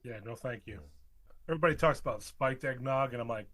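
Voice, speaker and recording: A man with a voice of middling pitch, co-hosting a podcast in loose chat. He jokes a lot and trips over his openings, repeating words before settling in. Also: fast talker, fairly bright tone. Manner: jokey, repeats words when starting. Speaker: podcast co-host. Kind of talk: casual chat.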